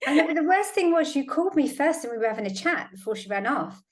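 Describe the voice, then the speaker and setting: A woman hosting a casual chat, telling stories in an animated way and often quoting herself. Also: high-pitched, fast talker. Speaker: host.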